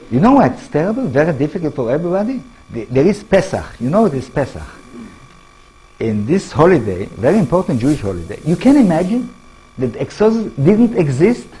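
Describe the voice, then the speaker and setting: A middle-aged man with an Israeli accent giving a public lecture in halting English, restarting phrases and putting questions to the audience. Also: a little high, dark tone, slightly rough, low-quality recording.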